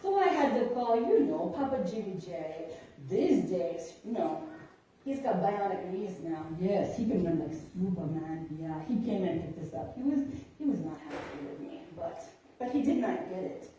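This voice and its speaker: A woman's voice: on the high side, dark tone, recorded from a distance, a little hiss or hum. A woman playing a chatty older mother who fusses over her chubby puppy, rambling in a put-on foreign accent in a comic parody skit. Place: large church sanctuary. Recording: echoey church hall recorded from afar.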